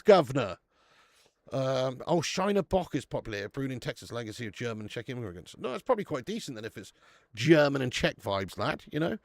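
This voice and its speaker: A man with a British English accent hosts a live beer review stream from a warm room at home. He chats casually, banters with viewers and swears freely. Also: high voice, no room sound, clean studio sound.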